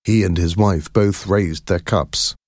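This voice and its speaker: Slow, measured male storyteller. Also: low-pitched, steady tone, a little mellow, no echo, studio quality. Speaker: narrator. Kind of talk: first-person storybook narration.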